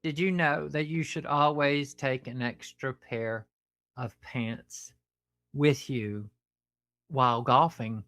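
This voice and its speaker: Woman podcast host, bright crisp voice, casual joking chat, reads jokes aloud. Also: very deep voice, steady tone, takes it slowly, no room sound.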